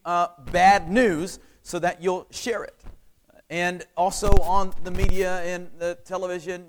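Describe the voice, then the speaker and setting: A male preacher delivering a sermon with animated storytelling, rhetorical questions and call-and-response with the congregation. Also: a little high, low-quality recording.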